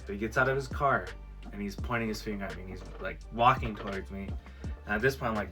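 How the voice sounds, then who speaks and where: A man's voice: on the low side, quick pace, over music. A man vlogger telling a personal story in a casual storytime video, acting out what people said. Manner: animated storyteller who acts out quoted lines. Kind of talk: storytime vlog.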